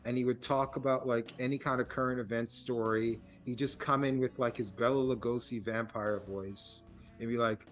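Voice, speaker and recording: Rambling, animated male podcast host. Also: mid-range voice, normal speed, few pauses, faint music behind. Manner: rambling, animated storytelling with self-mocking laughs. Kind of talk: casual film chat.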